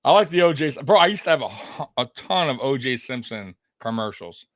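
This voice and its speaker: A man's voice: medium pitch, expressive, brisk, a bit bright, no room sound, clean studio sound. A man co-hosting a podcast, giving casual live fight commentary in a chatty, rambling way, often repeating himself and laughing. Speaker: podcast co-host.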